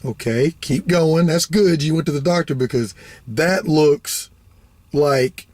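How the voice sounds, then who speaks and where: A man telling a story casually to camera, rambling and animated, swearing freely and acting out the other people's voices. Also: a little high, slow, no echo. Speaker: vlogger.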